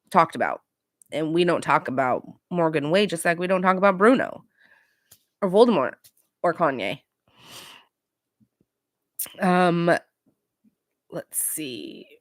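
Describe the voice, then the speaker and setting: A woman's voice: fairly low pitch, no echo, clean studio sound. A young adult woman hosting a casual podcast, recapping reality TV in a chatty, gossipy way with sarcastic asides. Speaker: podcast host.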